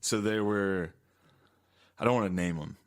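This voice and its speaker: Man, podcast co-host, fairly low voice, quick quips, laughing along. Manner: chiming in with short quips and laughter. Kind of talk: casual chat. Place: podcast studio.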